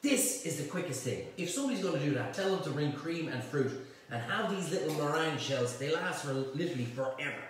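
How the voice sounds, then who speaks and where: A chef hosts a live cook-along, rambling through jokes and slangy asides. His voice sits a little high and moves up and down a lot. He sounds far from the mic in a very echoey room, with faint background noise. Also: expressive, fairly quick. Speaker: chef and cooking show host.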